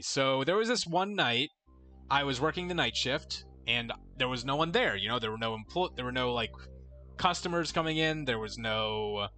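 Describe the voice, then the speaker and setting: Young man, bright tense voice, rambling profane storytelling, faint game music behind. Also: mid-range voice. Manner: rambling, profane, self-interrupting. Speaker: let's play co-host. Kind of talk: casual storytelling while gaming.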